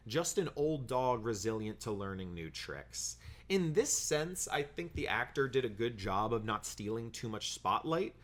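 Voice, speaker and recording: A man giving a casual film review, blunt and critical, with frequent "um" fillers and the odd swear word. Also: medium pitch.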